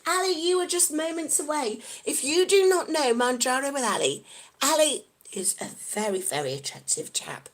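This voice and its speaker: Woman vlogger from the UK, live chat, high and very animated, giggly and excitable. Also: moderate pace. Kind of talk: casual live-stream chat.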